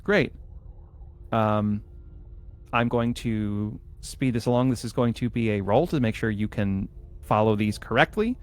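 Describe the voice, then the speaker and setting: A man's voice: on the low side, unhurried. A man narrating as game master, explaining the scene carefully with frequent hesitations and restarts.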